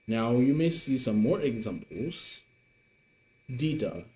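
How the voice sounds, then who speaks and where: A man teaching Mandarin online, slowly repeating words to model the tones. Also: medium pitch, big pitch swings, warm tone. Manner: slow, deliberate modelling of tones with repetitions. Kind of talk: online language lesson.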